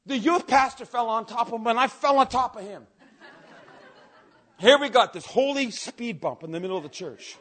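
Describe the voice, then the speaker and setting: A man preaching a sermon, telling stories with energy and swinging between quiet asides and loud outbursts. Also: high-pitched. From Canada. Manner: animated storytelling, swings from soft to shouting.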